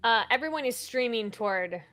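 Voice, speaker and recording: A young woman narrating as game master of a tabletop game, relaxed and hesitant, with many fillers. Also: fairly high pitch, fairly quick.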